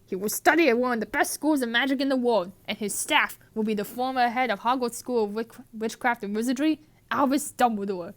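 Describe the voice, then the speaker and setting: A woman doing a gruff kindly giant man. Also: fairly high pitch, fairly quick, hardly any pauses, natural voice.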